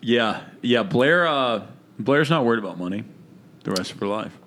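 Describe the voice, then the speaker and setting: A man's voice: medium pitch, animated, moderate pace, fairly bright tone. A young man co-hosting a casual podcast, brash and playful, swearing freely as he ribs his friend. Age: young adult. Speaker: podcast co-host. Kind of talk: casual chat.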